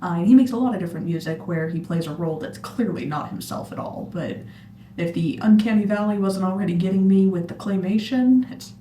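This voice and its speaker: Woman reaction host, dark low-ish voice, rambling asides, distant mic in an echoey room with faint hum. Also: a little fast. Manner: musing, rambling, trailing off with fillers. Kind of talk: casual reaction commentary.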